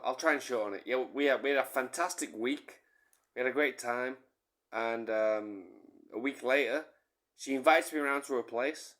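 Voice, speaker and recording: Slow, bright-voiced man telling anecdotes. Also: medium pitch. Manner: swears casually, repeats and corrects himself. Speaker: storyteller. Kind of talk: rambling comic anecdote.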